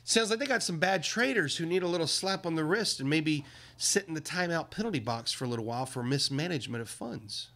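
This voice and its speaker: Indignant man ranting on a livestream. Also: fairly quick. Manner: indignant, emphatic, animated swings in pitch. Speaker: livestream host. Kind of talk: casual ranting livestream commentary.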